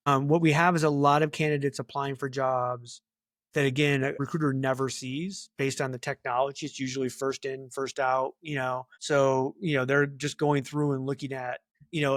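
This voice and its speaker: A middle-aged man talking as a guest in a casual interview, chatty and animated, full of filler words. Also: medium pitch, no echo, clean studio sound. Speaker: talent acquisition leader, guest.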